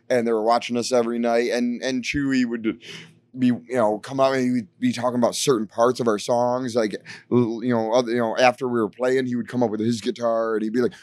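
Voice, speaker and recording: A man from Detroit talks loosely and animatedly in an interview, piling up fillers as he tells his stories. His voice sits at an ordinary middle pitch. The recording is dry and close. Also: no echo. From Detroit, USA. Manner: rambling, animated storytelling with many fillers. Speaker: band frontman interviewed. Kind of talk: casual interview chat. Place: bar venue backstage.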